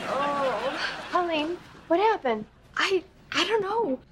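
A friendly, giggly young woman who works at a school. She has a high voice, and there is clear background noise from the sitcom set behind her. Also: very animated, slow, exaggerated voice. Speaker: school office worker, former babysitter. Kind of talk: sitcom acting.

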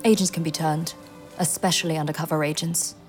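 A woman's voice: sits low, fairly even intonation, a little fast, music in the background, lightly acted. An actress playing a stern, suspicious female intelligence agent in a radio drama, speaking bluntly.

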